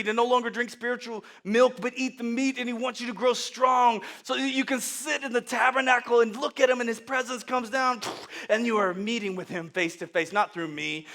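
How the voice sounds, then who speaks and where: A man preaching a sermon, telling the story with lively acted voices and sudden loud outbursts. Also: extremely high pitch, vocal fry. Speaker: pastor.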